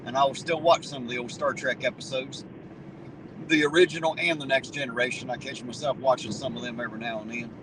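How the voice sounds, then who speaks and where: A man's voice: medium pitch, fairly even intonation, fast, background noise. A middle-aged man, hosting a livestream, chatting casually and reminiscing in a folksy, rambling way. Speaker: livestream host reading chat. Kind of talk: casual chat.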